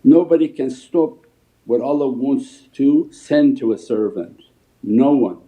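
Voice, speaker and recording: A man's voice: medium pitch, lively intonation, slow pace. A Sufi shaykh giving a spiritual talk and answering questions, telling stories as he teaches. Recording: phone-like livestream audio.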